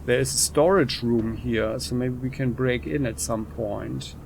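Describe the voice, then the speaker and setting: A man's voice: mid-range voice, a little slow, creaky, slight background noise. A man hosting a let's play, thinking aloud with fillers as he comments on a game.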